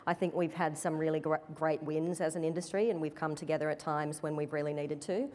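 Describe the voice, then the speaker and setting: A woman executive speaking on a conference panel, in a measured, careful corporate manner. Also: low voice, fairly even intonation, darkish tone. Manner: measured, corporate, careful to avoid direct answers. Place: conference stage before an audience. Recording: reverberant conference hall.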